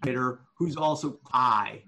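A man giving one-on-one manuscript feedback over an online call, explaining deliberately and thinking aloud. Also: medium pitch, gravelly, bright, forceful tone, slight background noise. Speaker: writing coach.

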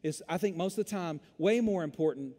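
A man preaching a sermon as pastor, telling stories in an animated way. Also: fairly high pitch, brisk. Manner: animated storytelling preacher, Southern "y'all". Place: church sanctuary. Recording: long hall reverb.

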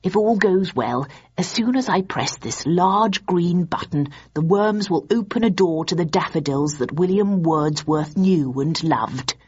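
A woman putting on a gentle, absent-minded old male inventor for a storybook reading, his husky voice dropped low and drawn out slowly. The recording sounds dull and lo-fi. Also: lively intonation. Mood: calm. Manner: slow, measured and mild.

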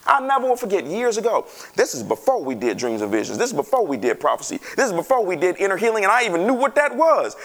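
Vocal fry runs through this preacher's high voice as he reads from scripture to the congregation. Between passages he breaks off into animated, chatty remarks aimed at the people listening.

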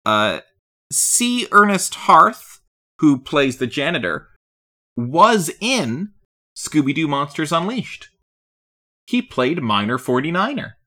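His voice sits on the high side and he takes his time as he co-hosts a laid-back film podcast. The man keeps things lively with wry, deadpan jokes.

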